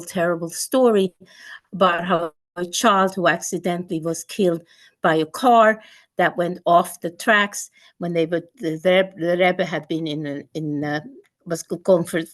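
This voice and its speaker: A woman in her eighties from Sweden, a guest speaker telling a personal story vividly, with repetitions and restarts. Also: on the low side.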